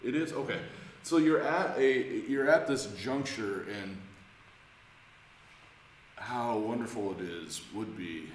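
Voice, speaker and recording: Male Bible study leader, lowish voice, chatty and halting, recorded in a roomy church hall. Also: a little hiss or hum. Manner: conversational, hesitant, many restarts and questions to the group. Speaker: pastor leading Bible study. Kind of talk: informal Bible study teaching. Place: church room. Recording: echoey church room, faint ambience.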